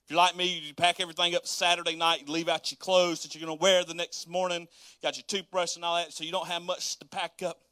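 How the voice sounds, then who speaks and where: A man preaching a sermon as pastor, animated and folksy, acting out everyday scenes with casual asides. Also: a little high, fast, no echo. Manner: animated, acts out everyday scenes in quoted voices.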